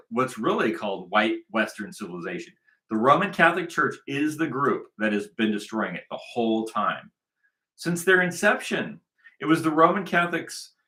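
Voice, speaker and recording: A man delivering an angry, profane commentary rant, restarting and repeating his words as he goes. His voice is bright and edged, sitting at an ordinary middle pitch for a man. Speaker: commentary host. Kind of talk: ranting commentary over played clips.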